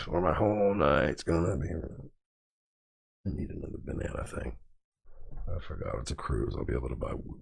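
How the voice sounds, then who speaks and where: A man's voice: very deep voice, gravelly, husky, no room sound. A man hosting a livestream, chatting casually in a crude, rambling way with mumbled asides. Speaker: livestream host.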